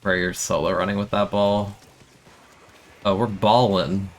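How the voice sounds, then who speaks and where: A young man streaming a game, complaining in an exasperated, self-mocking way, with sudden high-pitched outbursts. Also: steady tone, a little slow. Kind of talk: casual live-stream commentary.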